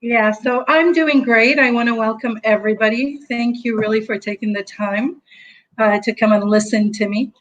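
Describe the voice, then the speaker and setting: Measured businesslike woman interview guest. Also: fairly high pitch, highs cut off. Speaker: managing director, interview guest. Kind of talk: interview answers.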